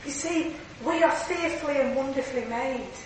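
High-voiced woman preaching in an echoey hall. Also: moderate pace, a little hiss or hum. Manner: earnest and lively, laughing through anecdotes. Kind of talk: sermon. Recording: echoey hall from far off, faint ambience.

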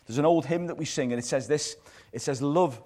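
A pastor giving a live sermon in a church service, earnest and repetitive, letting his phrases fall soft at the ends. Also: fairly high pitch, fast.

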